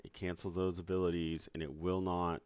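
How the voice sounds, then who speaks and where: A man's low, flat, smooth voice with a darkish tone comes across a little fast as he streams game development from home at night. He chats casually with his audience, exasperated and sarcastic, swearing often. The dull lo-fi recording has no echo.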